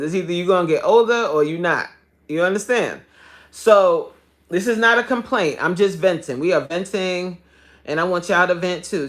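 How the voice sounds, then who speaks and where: This woman is a fitness coach talking casually to a live-stream audience in a lowish voice. She's loud and animated, laughs often, and doesn't hold back on swearing.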